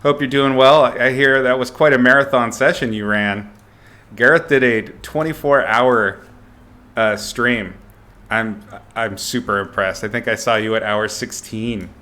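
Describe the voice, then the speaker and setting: A man's voice: medium pitch, pushed and bright. A man illustrator chatting casually with viewers as he sketches on a live stream, greeting people and thinking aloud.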